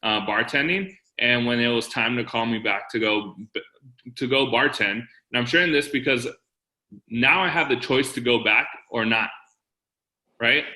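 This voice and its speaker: A man's voice: mid-range voice, moderate pace, bright, forceful tone, reverberant, low-quality recording. A man co-presenting at a sales training, telling a personal story in a plain, conversational way. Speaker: co-presenter sharing his story.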